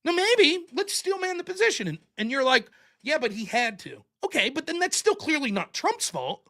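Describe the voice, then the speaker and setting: A man's voice: very high-pitched, big pitch swings, brisk, a bit bright. A man hosting a show, delivering a blunt, profane, sarcastic political commentary rant. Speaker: show host.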